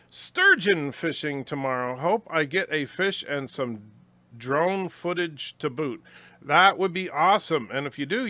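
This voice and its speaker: A man hosting a casual livestream, reading viewer comments aloud and chatting back, low on energy from a sore back, with lots of fillers. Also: bright, forceful tone, no room sound. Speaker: livestream host reading chat.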